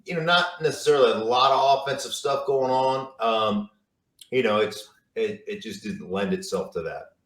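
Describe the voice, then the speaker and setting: A man's voice: on the low side, normal speed. A middle-aged man, a football analyst and guest, telling stories in casual chat, rambling with repeated words and fillers. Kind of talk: casual storytelling interview. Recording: roomy, distant mic.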